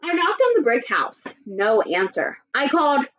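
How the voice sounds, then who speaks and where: A woman teacher voicing a sly, chatty male wolf as she reads a storybook aloud in a lively, playfully indignant way. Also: sits high, moderate pace. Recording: dull lo-fi recording.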